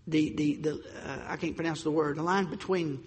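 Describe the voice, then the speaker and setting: Emphatic high-voiced preacher in a reverberant hall. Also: male voice, steady tone. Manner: emphatic, slows for stressed points, stumbles on words. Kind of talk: sermon.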